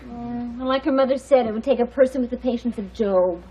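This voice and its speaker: A woman's voice: on the high side, a little fast, husky, dull audio. An actress playing a cheerful, playful middle-aged mother in a studio sitcom. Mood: chatty. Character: cheerful, playful suburban mom. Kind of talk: 1980s studio sitcom acting.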